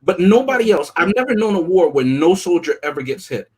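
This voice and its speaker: A man's voice: high voice, big pitch swings, a little fast, a little mellow, husky. A man co-hosting a casual review chat, methodically picking apart story logic. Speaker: podcast co-host.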